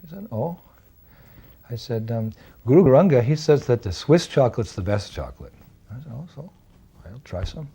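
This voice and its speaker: Soft-spoken older man telling memories. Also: medium pitch, very animated, moderate pace, long pauses, husky. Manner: reflective, laughs while telling anecdotes. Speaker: devotee recalling memories. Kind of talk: storytelling memoir.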